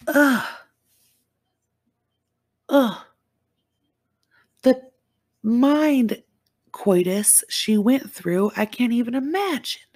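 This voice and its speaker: A woman reviewing a true-crime show recaps an episode casually, lively and exclamatory, tossing in slangy asides. Her voice is a little high and her pace slow.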